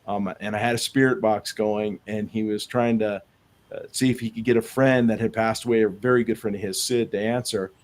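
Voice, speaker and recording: A man's voice: lowish voice, fairly even intonation, brisk. A man who investigates the paranormal, telling rambling anecdotes in a casual podcast chat, with many restarts. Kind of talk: casual storytelling in a podcast interview.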